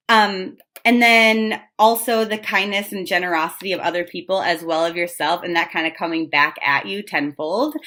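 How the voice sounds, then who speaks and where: A woman's voice: fairly low pitch, fairly bright tone. Woman, casual tarot reader: chatty, blunt, filler-heavy delivery. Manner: chatty, frank, with fillers and swearing.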